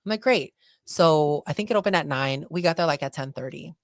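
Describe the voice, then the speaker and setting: A woman co-hosting a casual podcast, telling stories with lots of excitement and acting out quoted voices. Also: low-pitched, quick pace, dry recording, clean studio sound. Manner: excitable storyteller, acts out quotes. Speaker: podcast co-host. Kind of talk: casual chat.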